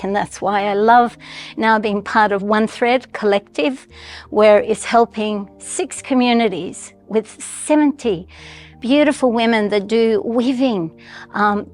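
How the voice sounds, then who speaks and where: A woman in her sixties from Colombia, with a Colombian Spanish accent touched by a slight American twang, telling her life story in a reflective, heartfelt way. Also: medium pitch. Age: 60s. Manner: reflective, heartfelt, with thoughtful pauses and restarts. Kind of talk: personal storytelling.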